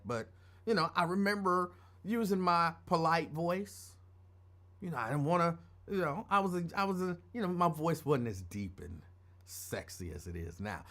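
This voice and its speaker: A middle-aged radio show host tells a personal story in a casual, rambling, conversational way that drifts off topic. His voice is a little high with a fairly bright tone.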